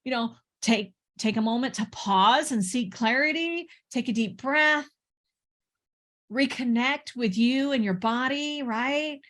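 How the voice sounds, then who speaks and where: A middle-aged woman business coach giving a casual motivational talk to camera, energetic and chatty, checking in often with "right?". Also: on the high side, takes it slowly.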